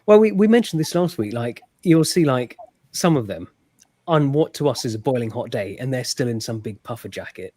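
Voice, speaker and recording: A man's voice: mid-range voice, animated, brisk, dark tone, dry recording. Laid-back man, dry sound. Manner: laid-back, laughs often, short agreements. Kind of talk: casual podcast chat.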